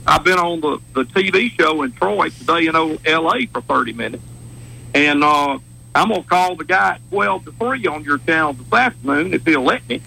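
A man's voice: a little high, animated, gravelly, sharp tone, slightly rough, rough recording. A man with a Wiregrass Alabama accent, a judge calling in to a talk show, talking in a combative, fired-up way. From southeast Alabama. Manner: fired-up, rapid, combative, laughing.

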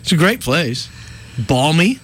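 A man's voice: a little high, sing-song, takes it slowly, fairly bright tone. A man hosting a morning talk radio show, sarcastic and mocking in his banter. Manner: sarcastic, mocking, puts on sing-song voices. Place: radio studio.

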